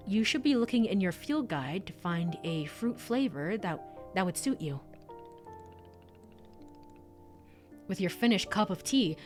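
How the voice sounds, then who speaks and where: Lady voicing a gentle polite tea shop guy in a game, soft and formal, music faint in back. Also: fairly low pitch, close to an everyday voice. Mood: soothing. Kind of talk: reading game dialogue aloud.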